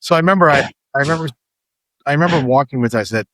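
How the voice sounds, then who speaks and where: A man's voice: on the high side, very fast, a bit bright, no room sound. Rambling man in his fifties, dry sound. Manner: rambling storyteller, many restarts and repeated words. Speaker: startup founder guest. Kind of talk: casual podcast conversation.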